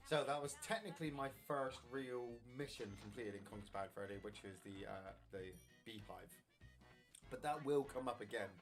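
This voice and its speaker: A man's voice: mid-range voice, animated, normal speed. A man hosting a gaming video, chatting casually in a rambling way with many fillers while he plays. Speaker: host playing a video game. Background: video game music.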